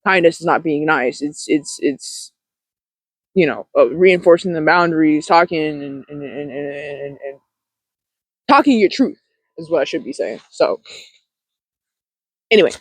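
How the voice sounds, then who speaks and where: A self-help host talking casually to camera, rambling with fillers and laughs, gentle and encouraging. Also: medium pitch, lively intonation, a little slow, pauses often, husky, dry recording, poor audio.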